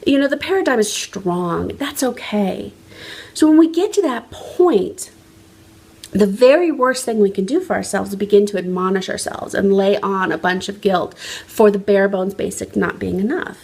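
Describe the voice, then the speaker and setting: A woman's voice: mid-range voice, lively intonation, normal speed, a little mellow, breathy edge. A woman life coach giving an earnest, emphatic motivational talk on a phone livestream, often restarting her sentences. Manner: earnest, emphatic, frequent restarts, varying pace.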